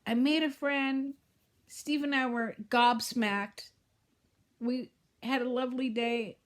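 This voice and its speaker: Speaking slowly and steadily in a high voice, a middle-aged woman vlogs to camera. She's from Southern California, and her casual, heartfelt talk rambles, often trailing off and restarting.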